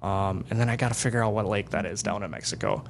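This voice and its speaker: A man being interviewed as a guest angler. He tells fishing stories in an excitable, animated way. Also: on the low side, quick pace, vocal fry, slight background noise. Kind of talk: casual storytelling interview.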